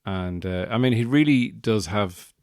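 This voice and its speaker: Irish male podcast host, low voice, dry close sound, digressive comic storyteller. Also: unhurried, a little mellow, dry recording. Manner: rambling, digressive, wry.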